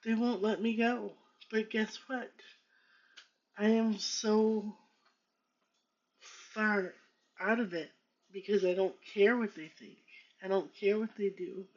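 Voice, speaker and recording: Woman, tarot vlogger, slow halting talk, mellow voice, hurt and defiant, dull lo-fi sound. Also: medium pitch, steady tone. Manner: slow, halting, with many restarts and pauses; pained and defiant in turns. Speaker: vlogger reading tarot cards. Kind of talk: emotional personal monologue with card reading. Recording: dull lo-fi recording.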